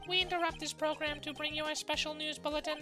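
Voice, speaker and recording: A woman's voice: high-pitched, flat delivery, over music, voice pushed up, natural voice. A woman doing a formal TV news anchor. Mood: newsy. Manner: measured newsreader delivery.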